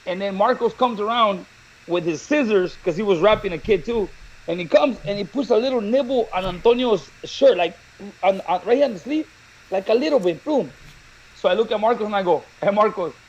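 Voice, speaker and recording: A man co-hosting a talk show, telling funny stories in a lively, laughing way. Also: high-pitched, dull audio. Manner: animated, laughing storyteller. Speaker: show co-host. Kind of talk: casual storytelling chat.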